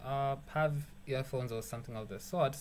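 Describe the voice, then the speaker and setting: In this casual screen-recorded beat-making tutorial, a young man talks at normal speed in a mid-range voice against slight background noise. Loose and meandering, he swears casually, pokes fun at himself, and laughs at his own jokes.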